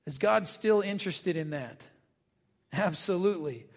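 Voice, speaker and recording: Pastor, man, high voice, relaxed folksy sermon delivery, big hall reverb. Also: a little slow. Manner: conversational, folksy asides, acts out quotes.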